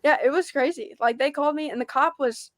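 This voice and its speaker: A young woman, a podcast guest telling a story with lively, laughing energy. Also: high voice, brisk, no echo, clean studio sound. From Tennessee. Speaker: podcast guest, disc golf pro. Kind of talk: casual storytelling interview.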